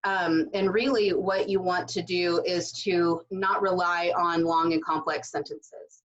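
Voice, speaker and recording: Woman writing instructor, loose chatty delivery full of fillers, somewhat low voice, muffled home recording. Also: steady tone, unhurried. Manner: loose and conversational, with many fillers and asides. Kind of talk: casual recorded lecture.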